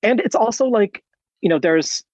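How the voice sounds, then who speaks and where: A man's voice: high-pitched, expressive, moderate pace, a little mellow, dry recording, low-quality recording. A man in casual podcast chat, thoughtful and hedging his points as he talks. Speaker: podcast co-host.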